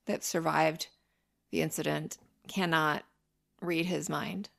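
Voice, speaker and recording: A woman's voice: low-pitched, fairly even intonation, takes it slowly, gravelly, fairly bright tone. A woman co-hosting a podcast in casual chat, asking skeptical questions and telling offhand anecdotes. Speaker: podcast co-host.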